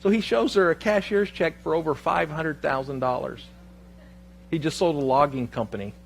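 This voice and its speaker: Pastor guy preaching, kinda high voice, tells stories w/ lots of "and he goes", faint hum in the back. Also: normal speed, vocal fry. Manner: storytelling, animated, quoting others in his anecdotes. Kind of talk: sermon. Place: church sanctuary.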